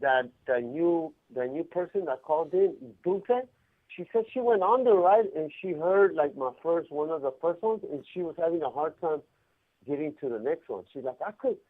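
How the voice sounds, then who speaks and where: High-voiced man on a tinny prison phone. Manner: animated, excitable, slangy, laughs often. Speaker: incarcerated caller. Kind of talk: casual phone chat. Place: prison cell. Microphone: phone handset.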